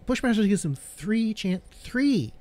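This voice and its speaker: A man's voice: sits high, big pitch swings, measured pace, a little mellow, dry recording. A man co-hosting a podcast in casual chat, analytical, quoting characters as he talks. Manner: analytical, quotes characters in his own voice. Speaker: podcast co-host.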